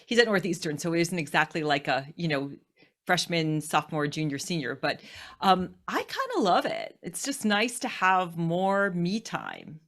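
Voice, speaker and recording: Low-voiced encouraging podcast host woman. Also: very animated, moderate pace, fairly bright tone. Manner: encouraging, reflective. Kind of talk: interview questions and chat.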